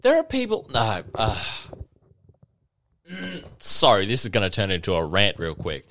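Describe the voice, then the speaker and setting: Tipsy man ranting on his podcast, swinging pitch, swears, mocks people in put-on voices. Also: measured pace, gravelly. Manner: animated, swearing, mocking impressions. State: a bit tipsy. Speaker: podcast host. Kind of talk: casual solo podcast rant.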